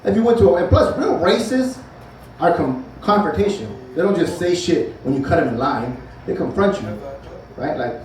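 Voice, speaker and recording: A man's voice: high voice, sing-song, fairly quick, darkish tone. A man in his forties doing a loose, profane stand-up set, chatting with the crowd between bits. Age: 40s. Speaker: stand-up comic. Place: comedy club stage. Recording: echoey club from far off, crowd laughing. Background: audience laughter.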